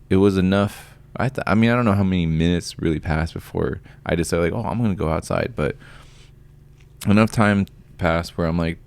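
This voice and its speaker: A young man with a very low voice retells a maddening run-in in casual podcast chat. He swears freely and acts out the other people's lines in his story. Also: a little mellow. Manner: profane, heated retelling with mimicked voices. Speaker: podcast co-host.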